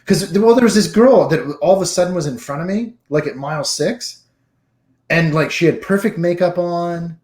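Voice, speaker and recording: A man co-hosting a casual podcast, telling stories in a relaxed, slang-filled way. His voice sits a little high. The room around him rings with echo. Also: normal speed. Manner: laid-back storytelling with slang. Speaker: podcast co-host. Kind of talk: casual chat.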